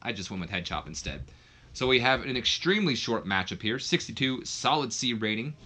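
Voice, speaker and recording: A man's voice: mid-range voice, big pitch swings, a little fast, pushed and bright. A man giving casual, offhand commentary on a wrestling simulation game. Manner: chatty, offhand, with fillers and asides. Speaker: let's play commentator.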